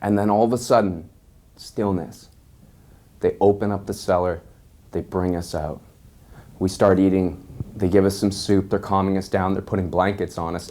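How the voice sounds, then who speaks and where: A young man telling a wild story in a casual, animated way, swearing constantly. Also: fairly low pitch.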